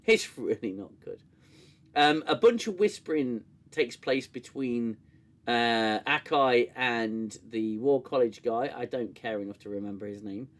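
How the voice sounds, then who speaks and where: A man hosting a casual livestream review, sarcastic and animated, swearing freely. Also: medium pitch, a little slow. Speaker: show host reviewing an episode.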